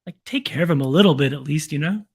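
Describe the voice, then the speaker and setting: Playful man with a higher voice. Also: fast, gravelly, husky. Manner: playful, joking banter. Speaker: podcast co-host. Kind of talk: casual chat.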